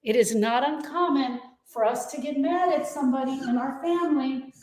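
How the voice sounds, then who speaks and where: A woman's voice: high-pitched, moderate pace, darkish tone. Emphatic woman reassuring grieving parents. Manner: earnest, emphatic, reassuring, repeats key phrases. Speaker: grief coach and host. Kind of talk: live-streamed talk to grieving parents.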